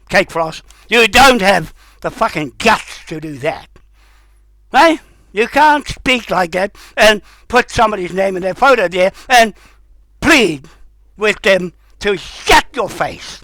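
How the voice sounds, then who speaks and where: A man delivering a heated, confrontational rant, swearing and breaking into shouts. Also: high-pitched, very animated, measured pace, no echo, poor audio. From New Zealand. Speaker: vlogger. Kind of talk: angry ranting monologue.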